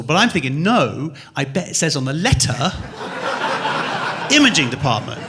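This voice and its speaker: A man works a comedy club stage, spinning a long story in an animated, foul-mouthed way. His voice sits in an ordinary middle range, but he keeps jumping between loud outbursts and quiet muttering. He acts out the other people in the story with quick snatches of voices. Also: mid-range voice. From England. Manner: swears freely, jumps from loud to muttered. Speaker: stand-up comedian. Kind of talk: stand-up comedy set.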